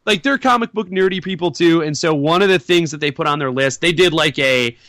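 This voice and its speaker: A man's voice: a little high, brisk, fairly bright tone, no echo. A man hosting a casual podcast, rambling with many fillers and restarts. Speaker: podcast host.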